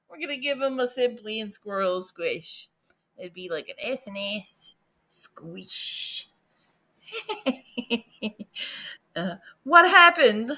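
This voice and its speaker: A woman hosting a casual livestream, excitable and chatty, jumping from loud exclamations to quiet muttering. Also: a little high. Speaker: livestream host.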